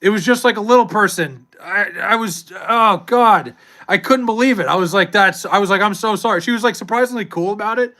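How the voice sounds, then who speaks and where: A man's voice: high voice, a little fast, bright, forceful tone. A young adult man streaming live, chatting casually with viewers and reading chat, loose and profane with frequent laughs.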